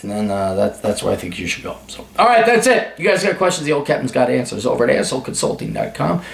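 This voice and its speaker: A man's voice: medium pitch, big pitch swings, quick pace, vocal fry, reverberant. A man hosting an advice video, giving blunt, profane, sarcastic answers in a ranting monologue. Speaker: advice show host.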